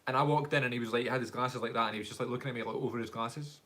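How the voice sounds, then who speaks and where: Glaswegian guy, young, mid-pitched, rambling live Q&A storyteller. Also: steady tone, very fast, a bit bright. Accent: Glaswegian Scottish. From Scotland. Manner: chatty, rambling storyteller who laughs often. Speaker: YouTuber and actor. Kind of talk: casual live stream Q&A.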